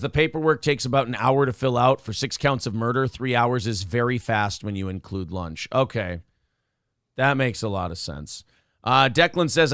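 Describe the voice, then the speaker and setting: A man in a dry, close-miked room hosts a loose morning podcast. He talks bluntly and swears freely, telling stories with animated swings and reading viewer messages in between. His voice sits at an ordinary middle pitch. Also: clean tone, no echo. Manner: blunt, profane, animated storytelling. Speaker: morning show host. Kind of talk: casual podcast banter, reading super chats.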